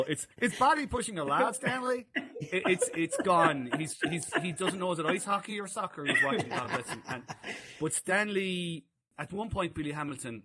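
A man telling a story in a casual podcast chat, animated and laughing. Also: fairly high pitch. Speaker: podcast co-host.

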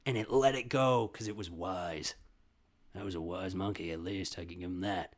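A young man telling a comedic story, animated and swearing, calling listeners bro and dude. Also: on the low side, moderate pace.

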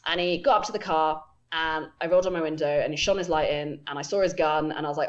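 A young woman co-hosting a casual chat, telling a story in a lively way with lots of fillers and quotes of herself. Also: fairly low pitch, brisk, lo-fi sound. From England. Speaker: podcast co-host.

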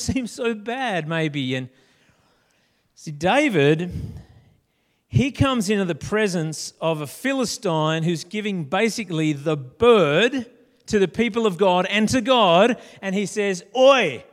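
Animated high-voiced preacher. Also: male voice. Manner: animated, acts out Bible characters with slang. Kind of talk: sermon. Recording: long hall reverb.

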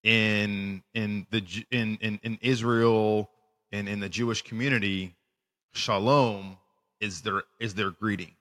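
A man co-hosting a casual faith podcast, animated and lively, who stumbles and restarts his words. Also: fairly low pitch, unhurried, big-room sound. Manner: animated, acts out voices in retellings, restarts words. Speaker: podcast co-host. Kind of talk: casual faith discussion with scripture reading.

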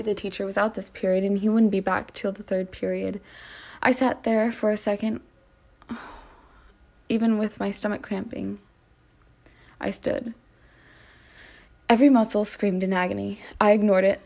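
Gravelly woman reading a story aloud. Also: medium pitch, warm tone. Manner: dramatic reading, with small slips and restarts. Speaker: reader of her own story. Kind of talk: first-person story reading.

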